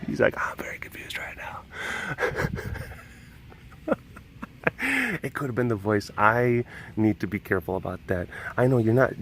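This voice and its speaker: A man vlogging outdoors by animal enclosures, telling stories with a laugh and then talking softly to calm a big cat. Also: fairly low pitch, slight background noise. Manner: rambling, laughing storyteller who shifts to hushed coaxing talk with a big cat. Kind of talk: casual vlog chat.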